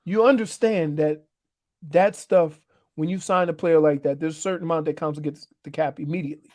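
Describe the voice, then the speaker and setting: A man co-hosting a sports radio show in a studio, teasing his partner in casual banter and breaking into loud outbursts. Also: a little high, steady tone, brisk.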